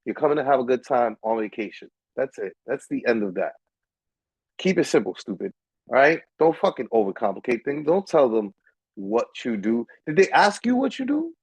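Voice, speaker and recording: Animated, husky, profane American man. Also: mid-range voice, moderate pace, no room sound, rough recording. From United States. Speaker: stream co-host. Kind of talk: casual live-stream chat.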